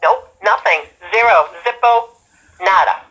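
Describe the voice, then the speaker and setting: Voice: medium pitch, big pitch swings, measured pace, vocal fry, bright, forceful tone, heavily acted, low-quality recording. Someone doing a blunt, scatterbrained weather lady on the line. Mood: deadpan. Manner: blunt, dismissive quips. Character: scatterbrained female weather caller. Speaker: caller.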